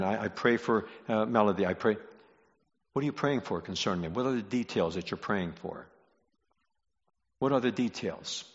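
A man preaching a sermon, moving from quiet, low-voiced reflection to loud, emphatic repetition of key lines. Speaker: pastor. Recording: muffled sound in a reverberant hall.

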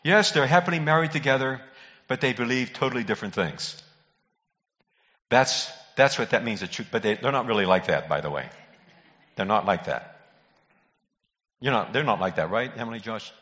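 A man's voice: mid-range voice, lively intonation, moderate pace, pauses often, sharp tone. An older man preaching a sermon in a folksy, conversational way, telling jokes and calling out to people in the pews. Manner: folksy joke-telling preacher who calls out to congregation members. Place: church sanctuary. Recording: dull recording in a reverberant hall.

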